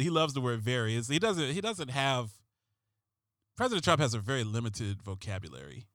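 A man hosts a comedic political monologue in a sarcastic, rambling way, tripping over his restarts. His voice sits at an ordinary middle pitch, and the sound is dry and close with no room around it. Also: sing-song, brisk, fairly bright tone, dry recording.

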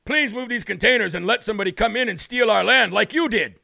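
A man voicing a mocking imagined pleader, with a sarcastic, drawn-out delivery. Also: sits high, gravelly, sharp tone, dry recording, clean studio sound, heavily acted.

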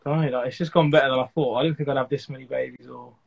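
A man's voice: mid-range voice, steady tone, rapid-fire, creaky, husky. Modest hesitant man on a dull line. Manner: modest, hesitant, lots of fillers. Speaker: guest breeder. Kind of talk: casual chat. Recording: dull lo-fi sound.

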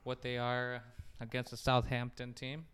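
A man's voice: medium pitch, completely flat delivery, measured pace, fairly bright tone, clean tone. A man co-hosting a casual sports podcast, rambling and jokey as he gives his football picks. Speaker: podcast co-host.

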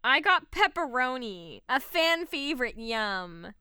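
A young woman co-hosting a podcast, chatting casually and playfully and breaking into giggles. Her voice is bright and a little high, with lively ups and downs. The recording is close and dry. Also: takes it slowly, clean tone, no echo. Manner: playful, giggly, repeats words. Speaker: podcast co-host. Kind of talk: casual chat.

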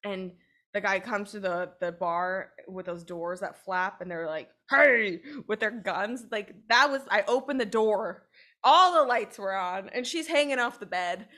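A woman's voice: medium pitch, unhurried, pushed and bright. A woman co-hosting a podcast, telling a long, rambling story in casual chat and swearing freely. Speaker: podcast co-host.

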